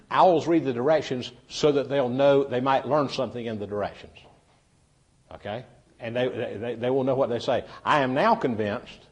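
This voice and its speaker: Brief: man, seminar speaker, folksy storyteller who chats with the audience, mid-pitched voice. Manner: folksy storyteller, chatty, addresses the audience directly. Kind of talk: humorous seminar talk to a live audience. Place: meeting room with a live audience.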